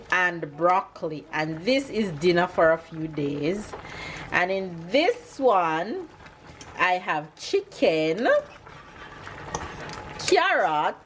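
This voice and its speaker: A woman, chatting excitedly to camera in a casual family vlog from her home kitchen. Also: on the low side, slight background noise. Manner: chatty, excited, speeds up and slows down. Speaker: family vlogger, mother.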